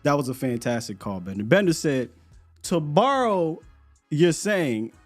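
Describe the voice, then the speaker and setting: A laid-back man with a slightly high, very animated voice hosts a sports podcast as a casual live-stream chat, speaking at a measured pace with faint music behind him. He's loose, laughs a lot and repeats words.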